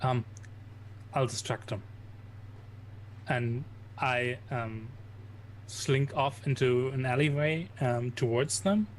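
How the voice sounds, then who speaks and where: A man playing a tabletop game, talking hesitantly with many pauses and fillers. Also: mid-range voice, slight background noise. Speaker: player.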